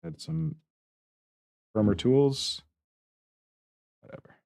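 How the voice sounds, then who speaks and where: A man's voice: mid-range voice, slow, creaky, darkish tone, no echo, clean studio sound. A man streaming his hobby sculpting, talking to himself in short, casual remarks as he works. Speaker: miniature terrain sculptor streaming his work. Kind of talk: casual running commentary while working.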